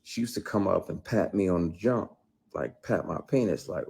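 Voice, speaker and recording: Husky, low-voiced man speaking with blunt intensity. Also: expressive, normal speed, a little mellow. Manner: emphatic and blunt, swears freely. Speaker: actor. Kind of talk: impassioned interview testimony.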